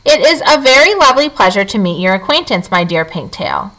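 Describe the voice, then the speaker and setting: A woman's voice: mid-range voice, big pitch swings, fairly quick, fairly bright tone, poor audio. A woman reading aloud and voicing a polite female robot who speaks stiffly and formally.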